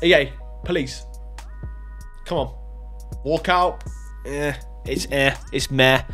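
A man's voice: medium pitch, slow pace, a bit bright. A young man commentating on game pack openings, swinging between hype and groans. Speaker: gaming YouTuber. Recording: faint music underneath.

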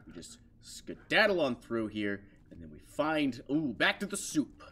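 A man's voice: mid-range voice, very animated, unhurried, bright, forceful tone, slight background noise. A man commentating a horror game as he plays, jumpy and muttering to himself, breaking into shrieks when scared. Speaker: gaming channel host.

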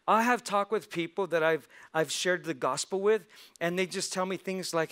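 A man's voice: high voice, lively intonation, normal speed, a bit bright. A male pastor giving a sermon in a church, telling a story and acting out its characters' lines. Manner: storytelling with acted-out voices.

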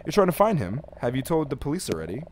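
Man voicing a gas station clerk, middle-aged, soft, measured, game voice, background noise. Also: on the high side, very animated, voice pushed up. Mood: cautionary.

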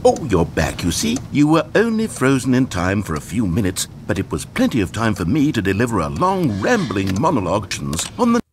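A man's voice: on the low side, wildly swooping pitch, fairly quick, few pauses, soft background music. An actor playing a wry, self-absorbed, needy male game narrator, speaking in a dry, theatrical, rambling way.

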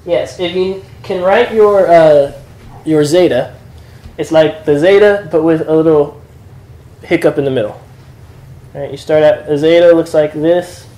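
Guy teaching a small class, kinda high, mellow tone, laid back. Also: unhurried, low-quality recording. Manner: relaxed, chatty, with fillers and laughs. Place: room with a small group.

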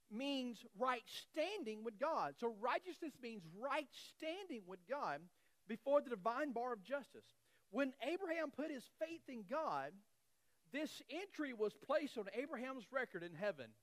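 A male pastor delivers a sermon with a lively, swooping pitch, leaning hard on repeated phrases. He speaks in a folksy, self-deprecating way to his congregation. The sound is dry and close. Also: no room sound, low-quality recording. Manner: animated, emphatic, repeats key phrases.

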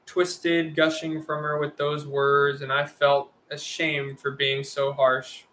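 A man reads a first-person novel aloud in a bright, fairly high voice. His delivery stays level and measured, with little rise and fall in pitch. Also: monotone. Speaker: audiobook reader.

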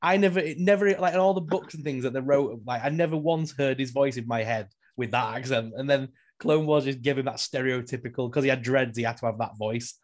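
A man's voice: medium pitch, fairly quick, few pauses. Blunt, opinionated man in casual chat. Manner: opinionated, blunt, laughs often. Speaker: podcast co-host.

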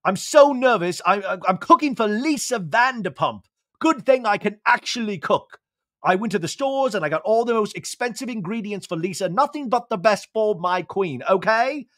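A man's voice: sits high, expressive, moderate pace, a bit bright, dry recording, studio quality, pitched above the performer's own voice. A man doing a frantic, squealing young cook. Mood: fussy excited. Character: excitable young man cooking for his boss.

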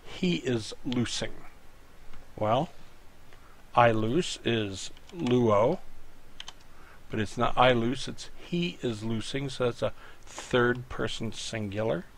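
A man's voice: mid-range voice, lively intonation, takes it slowly, long pauses, a little hiss or hum. A man teaching a language lesson while typing at his computer, patiently talking the student through each step. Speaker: Greek teacher. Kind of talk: screen-recorded tutorial lesson.

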